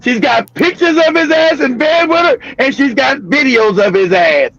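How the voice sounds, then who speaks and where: An older man from California, hosting a live stream and telling a story loudly with profanity, laughter and bursts of shouting. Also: very high-pitched, lively intonation, normal speed, slight background noise. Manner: loud, profane, laughing, often breaks into shouting. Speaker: livestream show host. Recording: dull lo-fi stream audio.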